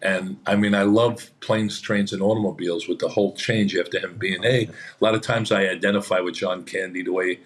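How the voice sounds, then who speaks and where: Man, very low voice, chatty actor guest, rambling anecdotes, acts out quotes. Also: steady tone, fairly quick.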